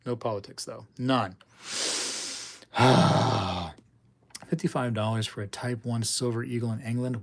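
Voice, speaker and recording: A man's voice: mid-range voice, unhurried, vocal fry. A man hosting a coin livestream, rambling and joking with viewers in casual chat. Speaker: coin channel host.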